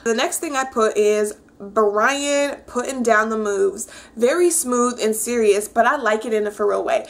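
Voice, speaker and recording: A young woman casually recapping a reality dating show for her viewers, chatty and animated, with lots of fillers. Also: fairly high pitch, unhurried, gravelly, hardly any pauses, slight background noise. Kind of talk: casual chat.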